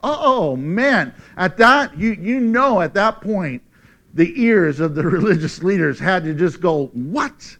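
A male preacher delivering a lively sermon. His voice sits high and swoops widely as he reads scripture with drama, breaks into frequent laughter, and rises to shouts at key points. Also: unhurried. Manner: animated, laughs often, shouts for emphasis.

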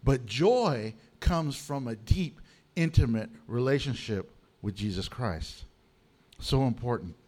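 A man preaching a sermon as pastor, animated and humorous, reading scripture and telling stories. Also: mid-range voice, slow.

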